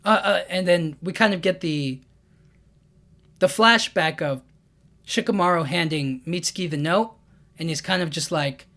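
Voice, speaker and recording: A man's voice: high-pitched, expressive, normal speed, fairly bright tone. Rambling casual young man. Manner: rambling, fillers like 'you know what I mean'. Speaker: manga breakdown YouTuber. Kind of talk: casual recap talk.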